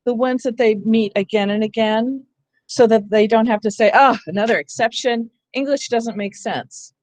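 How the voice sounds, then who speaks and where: A woman's voice: mid-range voice, darkish tone, no room sound. Woman explaining phonics to teachers, dry close sound. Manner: explanatory, asks "That makes sense?". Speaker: teacher trainer. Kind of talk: online teacher training lesson.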